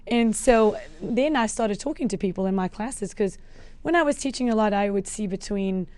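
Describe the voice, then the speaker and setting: This podcast guest is a lively South African woman in her forties who keeps the conversation casual, laughing a lot and performing her own remarks as quotes. She speaks at normal speed in a mid-range voice, with no room sound on the recording.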